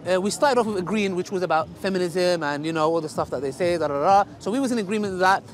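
A man hosting, talking casually to camera outdoors in a halting, conciliatory way. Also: sits high. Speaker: host, debater. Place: outdoor public park. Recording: crowd noise outdoors.

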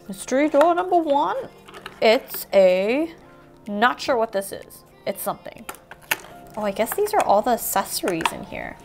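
A woman with a high, lively voice chats through a toy unboxing. She is bubbly and playful and talks to herself as she goes. Faint music plays underneath. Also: gravelly. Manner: bubbly, playful, gasps and giggles. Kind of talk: casual unboxing narration.

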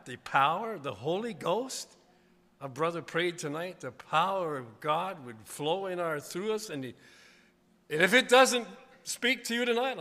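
A revival preacher with a high, sharp, forceful voice. He drops to quiet asides, then rises into loud, emphatic declarations. The sermon rings with long reverb through a church sanctuary.

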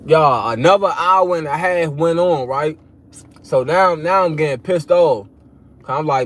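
A young man casually telling a story straight to his viewers, animated and full of slang, acting out his own replies as he goes. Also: fairly high pitch, unhurried, slight background noise. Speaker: vlogger telling a personal story.

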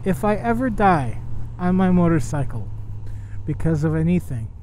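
A high-pitched man riding a motorcycle down the highway, swearing freely and ranting to his viewers in excitable commentary. His voice comes through a helmet mic over loud rushing wind and traffic noise. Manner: profane, excitable, talks to the viewers. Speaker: motovlogger.

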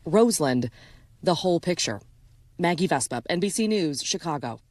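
A woman's voice: fairly low pitch, lively intonation, moderate pace, background noise. A woman narrating a feature news story in a storytelling voice-over. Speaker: news correspondent.

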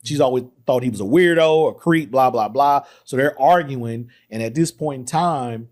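A man hosting a podcast, excitedly retelling a film's scenes in casual talk, acting out the lines. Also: medium pitch, moderate pace. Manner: excited retelling with acted quotes, laughs often. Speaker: podcast host. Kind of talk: casual film discussion.

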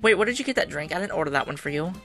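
A woman hosting a life-sim game video, chatting casually as she plays, excitable and teasing, often laughing and cheering. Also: lowish voice, racing, faint music behind. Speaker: gaming channel host.

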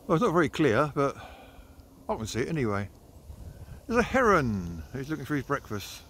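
A man's voice: mid-range voice, sing-song, moderate pace, a bit bright. A middle-aged man, filming on his phone as he walks his dogs outdoors and chats to them in a teasing, playful way. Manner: chatty, teasing, sing-song talk to pets. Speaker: dog owner filming a walk. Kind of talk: chatting to his dogs on a walk. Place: outdoors by water in the countryside. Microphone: phone held while walking.

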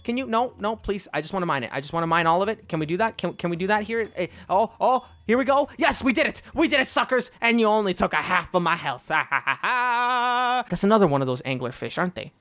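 Female gaming YouTuber, excitable and playful, voice swinging widely in pitch. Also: a little fast, dry recording. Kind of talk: playing a game and commenting.

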